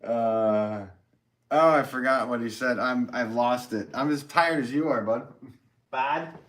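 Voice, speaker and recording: A man's voice: mid-range voice, unhurried. A male potter chatting casually on a live stream from his studio, reading out viewer comments, rambling and easygoing with lots of fillers and frequent laughs. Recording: steady background noise in the room.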